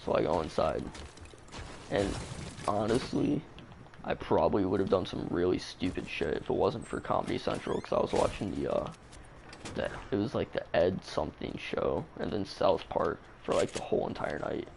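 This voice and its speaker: A man's voice: deep voice, normal speed, noisy background. A man telling a story in a casual, rambling way, swearing a lot and using plenty of fillers. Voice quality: creaky. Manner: rambling, profane, full of fillers.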